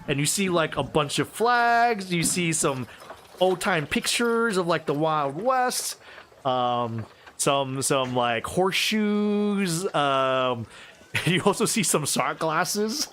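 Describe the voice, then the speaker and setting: A man running a tabletop role-playing game as its game master, his voice sitting a bit higher than most men's. He narrates loosely and rambles, stacking up fillers and restarts as he describes scenes. A faint hiss of noise runs underneath his voice. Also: expressive, slow, fairly bright tone.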